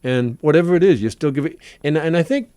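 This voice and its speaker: A man with a Boston accent, a stage actor telling stories as a talk-show guest, animated and full of restarts. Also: on the high side, fast talker, no echo. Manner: animated storyteller with many restarts. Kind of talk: casual talk-show chat.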